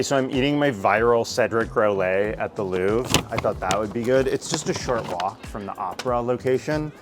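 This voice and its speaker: A man from the United States in his thirties, chatting excitedly and casually while tasting pastries on city streets, swearing now and then. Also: lowish voice. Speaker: food vlogger. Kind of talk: casual food vlog. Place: streets and bakeries of a city, outdoors.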